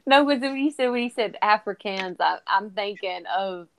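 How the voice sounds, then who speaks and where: A woman's voice: medium pitch, lively intonation, moderate pace, vocal fry. A woman chatting casually on a live stream, joking and giggling as she talks.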